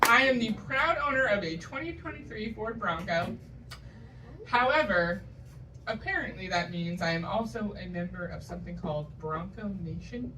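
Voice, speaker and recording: Speaking at a moderate pace in an expressive, medium-pitched voice, a woman from New England tells wry, self-deprecating stories peppered with punchy asides. It's a stand-up set on a comedy stage, recorded live from a distance amid a loud audience and a noisy background.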